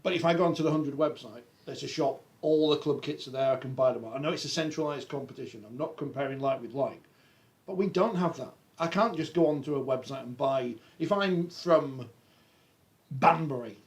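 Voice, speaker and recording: A man's voice: medium pitch, fairly quick. An English man co-hosting a rugby league podcast, chatting casually and reading out viewer comments. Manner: reads viewer comments aloud, conversational. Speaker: podcast co-host. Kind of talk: casual panel chat.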